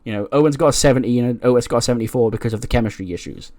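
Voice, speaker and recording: A man's voice: mid-range voice, very fast, darkish tone, no room sound, studio quality. A man casually narrating a wrestling management game, chatty with lots of fillers. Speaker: let's play host.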